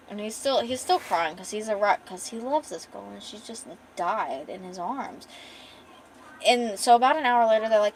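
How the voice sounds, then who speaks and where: A woman's voice: on the high side, moderate pace, a little hiss or hum, poor audio. A woman casually retelling a story on a cozy stream, chatty, laughing often and swearing now and then.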